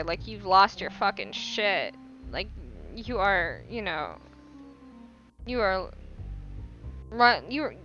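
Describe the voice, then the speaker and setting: A woman rambling through a casual book review podcast in a profane, animated way, recorded on a lo-fi home mic. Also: a little high. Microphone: non-professional mic. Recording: lo-fi home mic, faint music.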